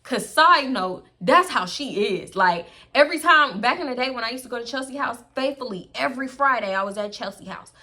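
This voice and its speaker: Young woman vlogger, bright and forceful voice, animated storyteller. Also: fairly high pitch, a little fast, hardly any pauses. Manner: animated, sassy, acts out the characters in the story. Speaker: storyteller, channel host. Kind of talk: casual storytime vlog.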